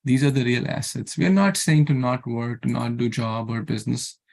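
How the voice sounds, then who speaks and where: Mixing chants and Sanskrit verses into his talk, a scripture class speaker preaches earnestly, asking his audience rhetorical questions and going over the same points repeatedly. His mid-range voice is creaky and slightly dark, at a moderate pace.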